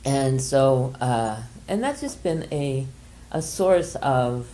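Older lady running a group workshop, low mellow voice, slow and halting with lots of ums, faint room hum. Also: expressive. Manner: gentle, hesitant, many pauses and fillers. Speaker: workshop leader. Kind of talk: guiding a group exercise and sharing a personal story.

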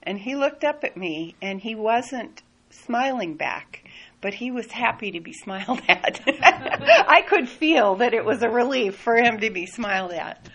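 Slow, gentle woman telling a story. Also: fairly high pitch, lively intonation, breathy edge, low-quality recording. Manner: soft, unhurried, laughs often. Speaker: speaker sharing a personal story.

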